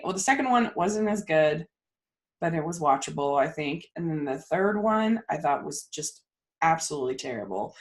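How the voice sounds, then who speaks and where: A young woman hosting a casual movie podcast, talking in an animated, ranting way with lots of fillers. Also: deep voice. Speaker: podcast host. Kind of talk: casual chat.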